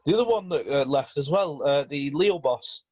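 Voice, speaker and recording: A man's voice: a little high, animated, brisk, darkish tone, husky. A man co-hosting a casual football podcast, hesitant with many fillers and restarts. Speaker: podcast host.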